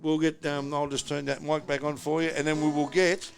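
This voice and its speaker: A man's voice: on the high side, little pitch movement, brisk, gravelly, faint music behind. A middle-aged man with an Australian accent, hosting a casual podcast from a pub with jokey, rambling banter. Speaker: podcast host. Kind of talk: casual chat. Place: pub, indoors.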